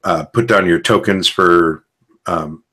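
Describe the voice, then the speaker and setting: A man's voice: low voice, fairly even intonation, slow, bright, forceful tone. A man hosting a podcast, chatting casually and explaining game rules at length. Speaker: podcast host. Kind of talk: casual rambling chat.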